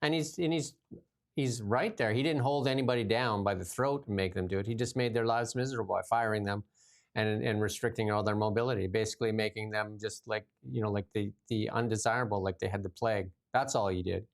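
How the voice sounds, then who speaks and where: Blunt, animated talk show host man. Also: lowish voice, fairly quick. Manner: animated, blunt, laughs often. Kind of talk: casual political talk show chat.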